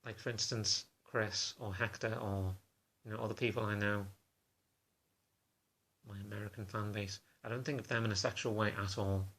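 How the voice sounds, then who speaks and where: A man talking to camera in a confessional vlog, halting and self-conscious in a subdued, low-key way. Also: steady tone, a bit bright, slightly rough. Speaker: vlogger.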